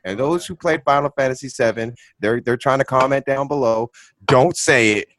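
A man's voice: mid-range voice, moderate pace, fairly bright tone, no room sound. A man co-hosting a casual talk show, talking emphatically, laughing often and peppering his speech with "man" and "dude". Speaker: podcast co-host. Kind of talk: casual chat.

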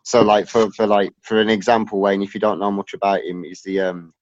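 A man's voice: lowish voice, little pitch movement, a little fast, no room sound, muffled recording. A man, joining a casual chat remotely and rambling as he searches for words.

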